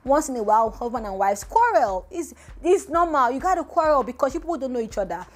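A woman's voice: big pitch swings, quick pace. A woman hosts a vlog, giving emphatic, rhetorical gossip commentary. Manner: emphatic and rhetorical, voice often jumping up high. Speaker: vlogger host. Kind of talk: casual celebrity gossip commentary.

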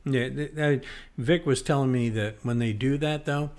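A man's voice: mid-range voice, moderate pace, a little mellow. A man co-hosting a home improvement radio show, chatting in a rambling way and reading listener questions. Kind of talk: casual radio call-in chat.

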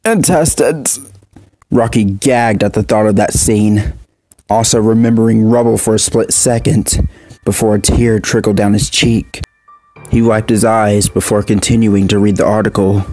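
A man reading a dark horror story aloud in a steady, measured narration. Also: medium pitch.

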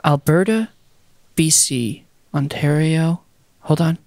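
Lively young man chatting casually. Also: fairly high pitch, takes it slowly, gravelly, no echo. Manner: lively, playful, slips into jokey voices. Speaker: podcast co-host. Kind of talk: casual chat.

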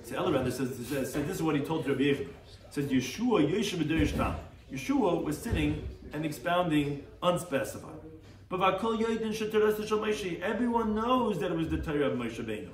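This rabbi's voice is on the high side and brisk as he teaches a daily Talmud class, moving between Aramaic readings and English explanations. He gets animated, dramatizing the sages. Faint noise and echo come through, and he's distant from the mic.

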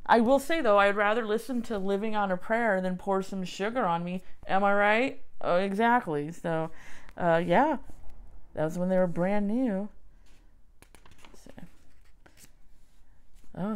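A woman hosting a casual podcast, reading through an old music magazine and commenting wryly, with self-mocking asides and excited exclamations. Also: fairly low pitch, smooth. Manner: wry, self-mocking, exclaims over finds. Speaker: podcast host.

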